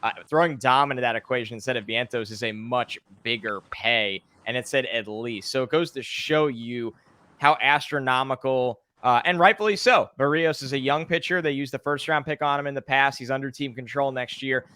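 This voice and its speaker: A man hosting a casual sports talk show, with an upbeat, quick delivery. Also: medium pitch, bright, forceful tone, no echo. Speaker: podcast host.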